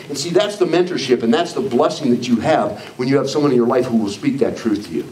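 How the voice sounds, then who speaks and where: A man's voice: mid-range voice, quick pace, few pauses, a little mellow. An older man giving an emphatic, preachy leadership training talk to a live audience, acting out the voices he quotes. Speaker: motivational speaker. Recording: echoey hall, far from mic, faint noise.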